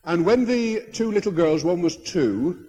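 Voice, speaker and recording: Male preacher, bishop telling stories, husky voice, animated rise and fall, fairly high pitch, long church reverb. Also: unhurried. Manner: anecdotal, animated, with hesitant restarts. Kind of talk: sermon storytelling.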